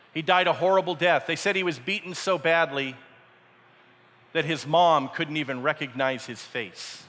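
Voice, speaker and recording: A man's voice: a little high, fairly bright tone. Man preaching with dramatic storytelling. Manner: dramatic storytelling, acting out voices. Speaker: camp speaker. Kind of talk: sermon. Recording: echoey hall.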